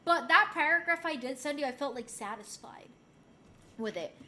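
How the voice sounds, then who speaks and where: A young woman chats loosely on her stream and reads out chat messages in a high voice. She swears and laughs easily, and her tone stays relaxed and unscripted. Her throat sounds a little sore. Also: normal speed. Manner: chatty and loose, swears freely, laughs often. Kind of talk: casual chat stream, reading chat aloud.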